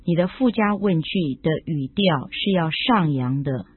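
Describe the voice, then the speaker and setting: A woman co-hosting a scripted radio language lesson, explaining each point in a clear, explanatory tone. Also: low voice, expressive, unhurried, no room sound. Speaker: co-host explaining in Chinese. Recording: tinny phone-like broadcast audio.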